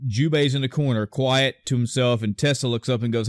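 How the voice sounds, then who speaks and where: A man's voice: medium pitch, steady tone, fairly quick, no room sound. A man hosting a podcast in casual chat, rambling and restarting, often acting out movie lines. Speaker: podcast host.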